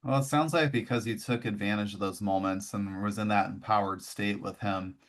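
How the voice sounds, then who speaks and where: A man's voice: fairly low pitch, fairly even intonation, moderate pace. A man hosting a podcast interview, asking thoughtful questions and affirming his guest. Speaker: podcast host.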